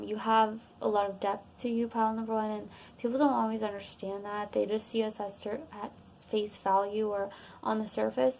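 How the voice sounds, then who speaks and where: A woman's voice: a little high, vocal fry, slight background noise, low-quality recording. A young woman giving a casual, rambling tarot reading to her viewers, full of fillers. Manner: rambling, relaxed, many fillers. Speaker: tarot reader.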